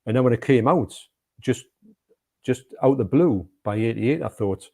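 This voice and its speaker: A man, co-hosting a casual film chat, enthusiastic and quick to laugh, often restarting his sentences. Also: medium pitch, animated, creaky, dark tone. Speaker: co-host.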